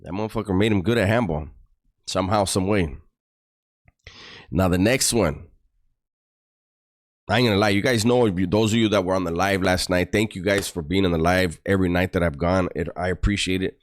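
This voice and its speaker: A man telling profane, animated stories about prison to his online audience. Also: low-pitched, brisk, pauses often. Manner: animated, profane, mock-disgusted storytelling. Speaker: YouTuber recounting prison stories. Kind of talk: casual storytelling to a livestream audience.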